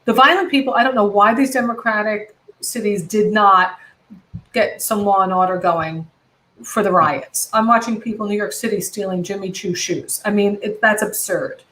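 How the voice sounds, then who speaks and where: A woman's voice: mid-range voice, steady tone, moderate pace, sharp tone, poor audio. A middle-aged American woman comedian, talking passionately and rambling with many self-corrections over a video call. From United States. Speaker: comedian guest. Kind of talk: casual video-call conversation.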